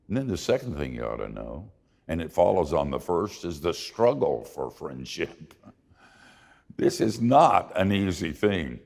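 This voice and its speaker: An older man preaching a sermon, telling folksy, self-deprecating stories in an expressive way. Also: low-pitched, unhurried, vocal fry, big-room sound. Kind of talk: sermon with storytelling.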